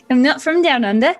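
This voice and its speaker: A woman player rambling and giggling through a casual tabletop introduction. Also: high-pitched. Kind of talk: casual chat at a tabletop game.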